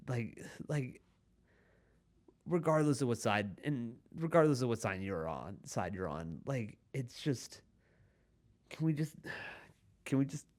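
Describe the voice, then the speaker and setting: A man hosting a podcast in a rambling comedic monologue, halting and full of restarts, often laughing at his own points. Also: medium pitch. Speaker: podcast host.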